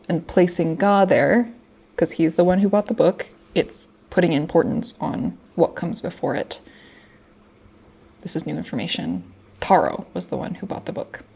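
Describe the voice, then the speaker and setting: A woman's voice: lowish voice, moderate pace, gravelly, warm tone, slightly rough. A young woman casually explaining grammar from her own study notes, chatty, with lots of fillers and restarts. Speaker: language learner explaining grammar.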